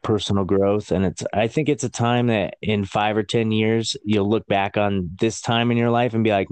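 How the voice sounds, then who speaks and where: Calm reassuring male host, dry sound. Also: lowish voice, normal speed, hardly any pauses, smooth, no room sound. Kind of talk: supportive conversation.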